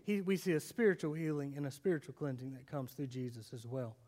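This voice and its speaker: A man preaching a sermon. He tells the story dramatically, asks his listeners questions, and swings between loud and hushed delivery. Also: mid-range voice, lively intonation, fast talker. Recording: long reverb of a large hall.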